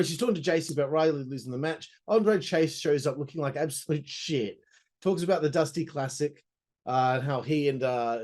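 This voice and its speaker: A man's voice: mid-range voice, darkish tone. A man hosting a casual wrestling review, rambling with crude jokes and asides. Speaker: host.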